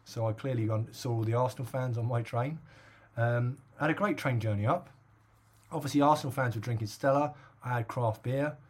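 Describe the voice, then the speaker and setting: A man's voice: mid-range voice, a little fast. A middle-aged man from England telling a long story in casual podcast chat, with lots of fillers and laughs. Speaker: podcast co-host.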